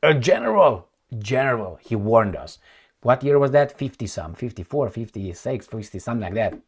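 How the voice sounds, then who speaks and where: A man's voice: mid-range voice, big pitch swings, moderate pace, breathy edge. A man giving casual commentary on the news, blunt, rambling and sarcastic, with some swearing.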